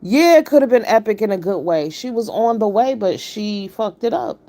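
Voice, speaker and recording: A woman's voice: medium pitch, animated, normal speed, mellow. A woman hosting a live stream, giving blunt, emphatic and profane commentary while greeting her viewers. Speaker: livestream commentator.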